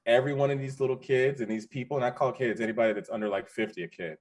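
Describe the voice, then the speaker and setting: A man's voice: medium pitch, rapid-fire. A man of about forty, a podcast guest, telling stories in a casual, emphatic way and often repeating his phrases. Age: 40s. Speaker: podcast guest, security founder. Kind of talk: casual conversational storytelling.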